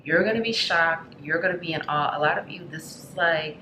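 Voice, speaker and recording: Low-voiced woman giving a rambling tarot reading. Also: a little fast, bright, forceful tone, reverberant, slight background noise, low-quality recording. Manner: affectionate, rambling, many fillers like "like" and "you know". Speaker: tarot reader.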